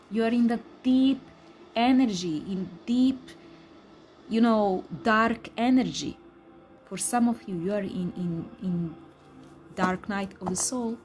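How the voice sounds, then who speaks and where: A woman who speaks English as a second language, giving a tarot card reading in an emphatic, repetitive way with excited exclamations. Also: a little high. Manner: non-native English speaker. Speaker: tarot reader.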